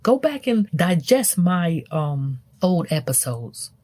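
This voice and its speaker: A woman's voice: lowish voice, very animated, slow, dark tone. A woman hosting a spiritual podcast, speaking emphatically to the listener with many rhetorical questions. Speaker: podcast host. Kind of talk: spiritual teaching monologue.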